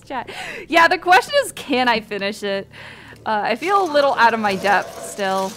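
A young woman streaming a horror game, chatting casually with her viewers, swearing and swinging between muttered whispers and loud laughing outbursts. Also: medium pitch, lively intonation, unhurried, a little hiss or hum. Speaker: VTuber streamer. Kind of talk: casual gameplay commentary.

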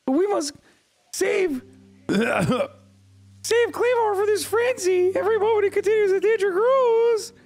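A man doing a squeaky, exaggerated falsetto voice for an earnest fantasy clan warden while reading game dialogue aloud. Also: expressive, a little slow, darkish tone, full character voice. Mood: urgent.

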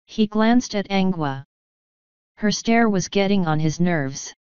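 A woman narrating an audiobook in a measured, dry storytelling manner. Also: mid-range voice, expressive, darkish tone, clean tone, dry recording. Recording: dull lo-fi audio.

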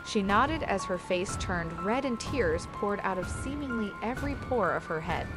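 A woman with a middle-pitched voice narrates a creepy story in a scripted style, voicing the dialogue with only light characterization. She keeps a steady storytelling pace while faint music plays quietly underneath.

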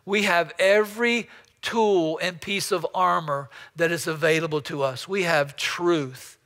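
A man's voice: high-pitched, unhurried, bright, forceful tone, big-room sound. A man preaching a storytelling sermon as pastor, often repeating words as he builds up a story. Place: church sanctuary.

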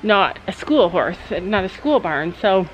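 A woman's voice: on the low side, very animated, unhurried, lo-fi sound. A woman vlogging as a mother at a horse barn, talking in a chatty, encouraging, rambling way. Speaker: vlogger mom. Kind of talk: casual family vlog at a horse barn.

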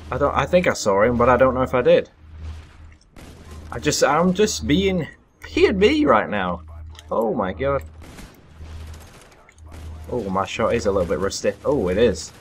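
A young man giving live commentary over his own gameplay, excitable and self-deprecating, breaking into sudden loud yelps. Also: medium pitch, moderate pace, long pauses, slight background noise. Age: young adult. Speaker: gaming commentator.

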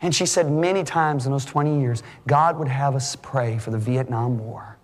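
A middle-aged male preacher giving an animated sermon, full of stories, his voice climbing high for the punchlines. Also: moderate pace. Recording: long hall reverb.

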